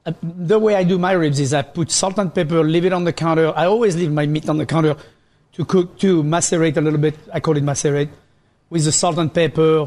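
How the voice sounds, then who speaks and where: A man's voice: fairly high pitch, darkish tone. A man with a French accent, a chef casually explaining how he cooks his ribs, step by step. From France. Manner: explains a recipe step by step with fillers. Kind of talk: casual cooking chat.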